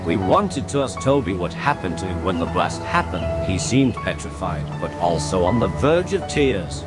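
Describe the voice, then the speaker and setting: Male narrator, low voice, earnest and steady story read over loud music. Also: normal speed. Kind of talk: first-person story narration.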